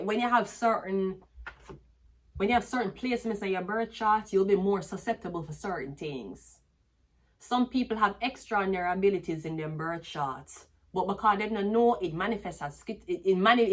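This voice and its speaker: A woman's voice: mid-range voice, moderate pace. A woman with a Jamaican accent, a tarot reader talking to camera in a rambling, casual monologue full of restarts.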